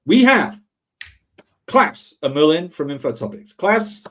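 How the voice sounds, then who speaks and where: A man's voice: on the high side, sing-song, a little slow. A man hosting a live online show over a video call, chatty and loose, with bursts of energy at the start of his lines. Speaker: host. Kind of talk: casual live-stream chat.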